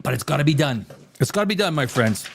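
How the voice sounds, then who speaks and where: A man's voice: on the high side, lively intonation, quick pace, vocal fry, husky. A man hosting a casual live-stream TV review, rambling and exasperated, with sarcastic asides. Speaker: TV show reviewer, host.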